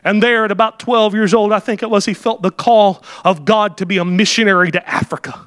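Man, preacher, sermon, high voice, fervent, shouts at climaxes. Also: fairly even intonation, brisk.

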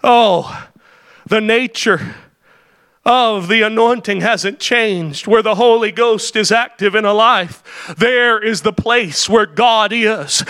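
A man delivers a fiery sermon in a high, ringing voice. He swings from shouted, drawn-out declarations to fast, conversational explanations. The sound is dry and close, with little room echo. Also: clear, resonant tone. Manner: preaching with shouted crescendos and hallelujahs; quick explanatory asides between climaxes. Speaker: preacher. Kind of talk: Pentecostal-style sermon.

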